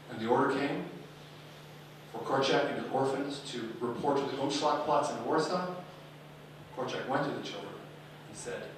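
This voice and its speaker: A man's voice: mid-range voice, a little fast, slight background noise. A man telling stories dramatically to an audience. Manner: dramatic, animated storytelling. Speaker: speaker. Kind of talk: storytelling talk. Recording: echoey hall, speaker far from mic.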